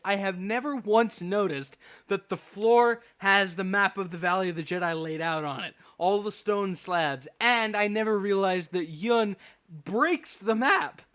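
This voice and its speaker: A man doing casual gameplay commentary as a let's play host, excitable, sarcastic and self-mocking. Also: high voice, dry recording.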